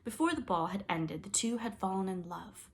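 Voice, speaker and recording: A woman reading a children's story aloud with expressive storytelling. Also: mid-range voice, moderate pace. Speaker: storybook reader.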